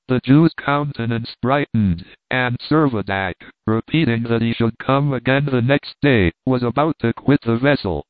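A man's voice: mid-range voice, a little slow, few pauses, no echo. Man reading a novel over tinny audio. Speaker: narrator. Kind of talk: scripted audiobook narration. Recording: dry tinny phone-like sound.

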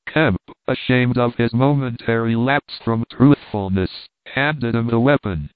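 A man narrating a classic novel aloud in a steady, measured way. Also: mid-range voice, dry recording. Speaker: audiobook narrator. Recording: tinny phone-like line, dry.

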